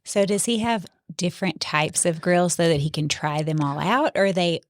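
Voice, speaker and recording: Southern lady hosting a podcast, upbeat, lowish voice, dry sound. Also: moderate pace, no echo. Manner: upbeat, friendly interviewer. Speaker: podcast host. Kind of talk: casual chat.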